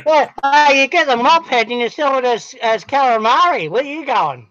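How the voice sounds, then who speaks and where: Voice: sits high, animated, moderate pace, a bit bright, no echo. Teasing co-host, dry lo-fi sound. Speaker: stream co-host reading chat. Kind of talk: casual chat. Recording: dry, dull lo-fi stream audio.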